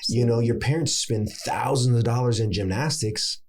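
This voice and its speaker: An American man in his thirties, an actor and acting coach, chatting casually in an interview and telling animated stories. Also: moderate pace. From United States. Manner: animated storyteller, swings pitch to make points.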